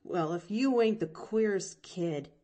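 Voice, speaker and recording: A woman's voice: fairly low pitch, a little slow, warm tone, close to an everyday voice. A woman doing a proud, scrappy orphan boy. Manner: folksy dialect, proud and blunt.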